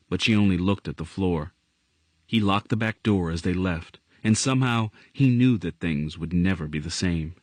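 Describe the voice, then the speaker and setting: A man reading a novel aloud as audiobook narrator, in an expressive storytelling manner. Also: deep voice, no echo. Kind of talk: scripted narration.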